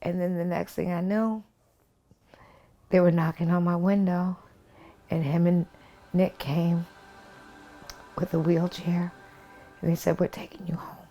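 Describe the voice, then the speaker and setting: A woman's voice: lowish voice, flat delivery, slow, long pauses, mellow, soft background music. A woman being interviewed at home for a documentary, telling a personal story in an earnest, heartfelt way. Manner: earnest, heartfelt storytelling, sing-song when quoting others.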